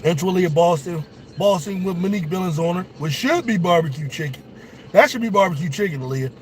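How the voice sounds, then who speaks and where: Excitable man calling a game live. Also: sits high, a little fast. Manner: excitable, profane, talks straight to viewers. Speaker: sports show host. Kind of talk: casual live watch-along commentary.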